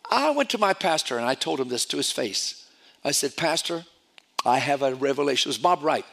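A man's voice: a little high, brisk, creaky. A man preaching a sermon, telling stories animatedly and often repeating his words. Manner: animated storytelling with repetitions.

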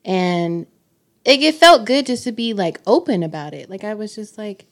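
Woman co-host, lively and playful, casual and salty. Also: medium pitch, normal speed. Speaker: podcast co-host. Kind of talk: casual chat.

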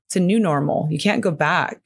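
A woman's voice: low voice, fairly quick, vocal fry, breathy edge. A woman who works as a grief coach, talking candidly as an interview guest with a frank, earthy manner and many fillers.

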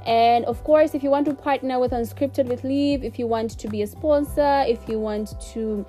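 Over soft background music, a young podcast host wraps up her solo episode, emotional and gushing, thanking listeners again and again while laughing through near-tears. Her slightly high voice keeps a fairly even intonation at a normal speed.

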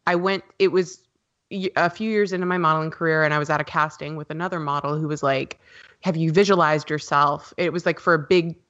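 Woman, podcast guest, casual chat, rambling with fillers, lower voice, muffled lo-fi sound. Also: steady tone, quick pace, fairly bright tone. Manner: chatty, loose, with many ums and likes.

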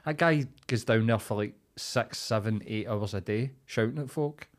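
A man's voice: lowish voice, normal speed. A young Scottish man with a Glaswegian accent, co-hosting a podcast in blunt, sweary casual chat. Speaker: podcast co-host.

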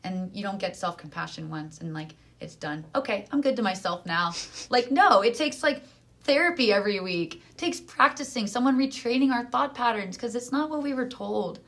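A woman speaking earnestly in casual conversation, using lots of filler words and lively emphasis. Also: fairly high pitch, moderate pace. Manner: earnest, animated, many fillers.

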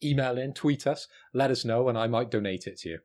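A man's voice: mid-range voice, fairly quick, a little mellow. A British man co-hosting a podcast, teasing and joking with his friends. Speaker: podcast co-host. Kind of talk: casual podcast chat.

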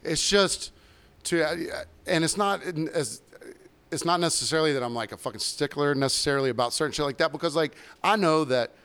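A man's voice: on the high side, fairly quick, a bit bright, clean tone. A man co-hosting a podcast, a bartender telling rambling, profane stories about work in casual chat.

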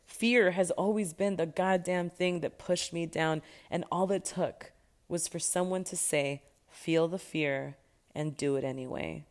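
A woman's voice: fairly low pitch, darkish tone. A young adult woman hosting a podcast, telling her personal story candidly, swearing freely and stressing points through repetition. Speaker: podcast host.

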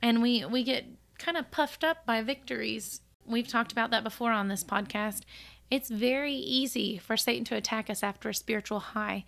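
Woman on a bible podcast, bit of vocal fry, reads verses and chats about them. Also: fairly high pitch, moderate pace. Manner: reads scripture aloud, animated when quoting. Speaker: podcast co-host. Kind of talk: casual Bible study chat.

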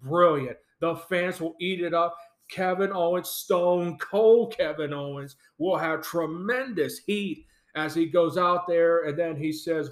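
An enthusiastic, opinionated man hosts a solo fan podcast and laughs often. His voice is fairly high for a man. The sound is echoey, as if recorded in a bare room. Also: unhurried. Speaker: podcast host.

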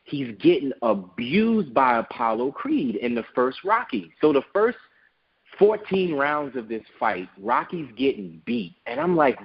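A man's voice: medium pitch, big pitch swings, measured pace, creaky, husky, lo-fi sound. A man who owns a business, telling an emphatic motivational story in an interview. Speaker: guest, business owner.

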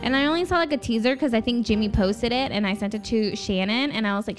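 Young woman co-host, chatty and giggly, kinda high voice, faint music behind. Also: quick pace. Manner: chatty, giggly, lots of "like" fillers. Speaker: podcast co-host. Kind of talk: casual chat.

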